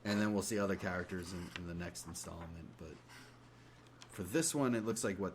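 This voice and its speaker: A man co-hosting a podcast, talking through a comic in a relaxed, hesitant way with many fillers. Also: low voice, slight background noise. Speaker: podcast co-host. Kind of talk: casual chat about comics.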